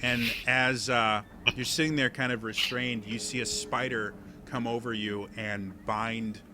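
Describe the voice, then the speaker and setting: A man narrating a tabletop game as game master, halting, with many fillers. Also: medium pitch, a loud crowd. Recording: steady background noise.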